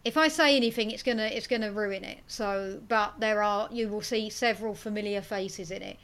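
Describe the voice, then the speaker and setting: A woman's voice: medium pitch, brisk, a bit bright. A woman co-hosting a casual film podcast, chatty and self-mocking as she reads out listener comments. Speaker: podcast co-host.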